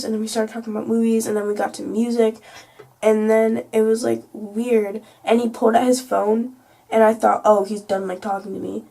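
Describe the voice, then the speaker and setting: Rambling teen girl with a gravelly voice. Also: a little high, warm tone. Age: teens. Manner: rambling, filler-heavy, swears freely. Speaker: vlogger. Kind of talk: casual late-night storytime rant. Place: at home. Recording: distant mic, faint background hiss.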